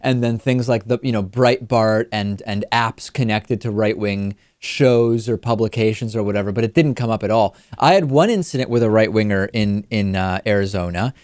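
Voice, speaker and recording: A man's voice: fairly low pitch, moderate pace, few pauses, a little mellow, dry recording. Man host telling a story, dry sound. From Massachusetts. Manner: storytelling with frequent restarts. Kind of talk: casual chat, anecdote.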